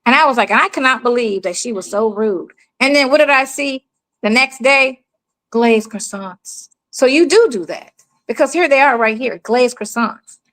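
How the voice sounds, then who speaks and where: A woman's voice: medium pitch, poor audio. A middle-aged woman from the United States telling stories in casual chat, acting out the people she quotes. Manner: animated storyteller, acts out quoted people.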